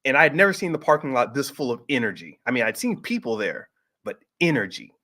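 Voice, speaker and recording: A middle-aged man telling a personal story in a casual, animated way, jumping up in pitch when he acts out what people said. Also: quick pace. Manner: animated, acts out quoted voices with pitch jumps. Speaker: host.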